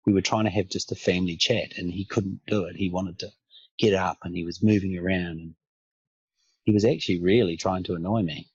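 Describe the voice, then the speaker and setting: A man speaking as a podcast guest, talking in a thoughtful, soft-spoken way. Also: low-pitched, breathy edge, no room sound, highs cut off. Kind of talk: casual reflective conversation.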